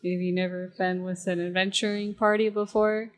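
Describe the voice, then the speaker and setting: A woman playing a tabletop game, lively with quick comebacks. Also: mid-range voice. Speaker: player. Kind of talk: casual tabletop play.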